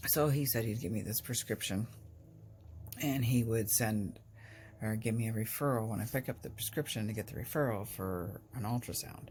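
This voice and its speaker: Woman, chatty home vlogger, slow-paced with a lot of fry in her voice. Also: very deep voice, slight background noise. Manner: rambling, chatty, breaks off to talk to pets. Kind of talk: casual storytelling.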